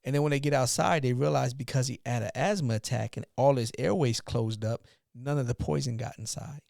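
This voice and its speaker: A man's voice: medium pitch, a little fast, creaky, darkish tone, no echo, studio quality. Man retelling a story animatedly. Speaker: podcast co-host, father, youth mentor. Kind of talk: casual storytelling.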